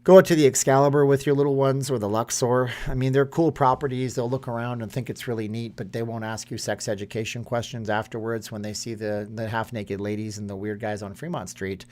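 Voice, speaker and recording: A man's voice: mid-range voice, fairly even intonation, fairly quick, hardly any pauses, darkish tone. A man, hosting a casual live stream and reading chat comments aloud in a rambling way. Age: 30s.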